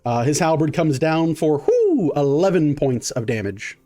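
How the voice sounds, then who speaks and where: A man's voice: a little high, normal speed, warm tone, faint music behind. A man running a tabletop game as dungeon master, narrating vividly with many fillers.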